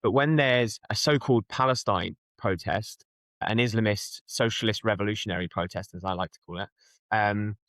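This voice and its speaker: A young London man talks as a guest in an interview. His voice is on the low side and dry, and he speaks earnestly, restarting phrases as he presses his points. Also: normal speed, fairly bright tone, dry recording. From London, England. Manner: earnest, emphatic, restarts a lot. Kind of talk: conversational interview.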